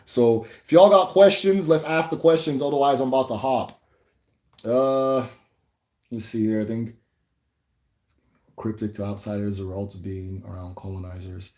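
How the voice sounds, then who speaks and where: A man's voice: medium pitch, steady tone, moderate pace, pauses often, a little mellow. A man giving a loose, conversational language lesson, repeating words for emphasis and laughing often. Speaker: Igbo language teacher. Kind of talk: casual livestream lesson.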